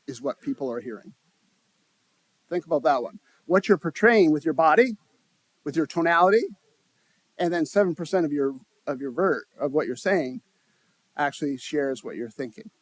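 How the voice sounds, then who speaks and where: A man's voice: fairly high pitch, animated, normal speed, dry recording. A man giving a live talk at a conference, speaking conversationally, restarting phrases and putting questions to the audience. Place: conference room.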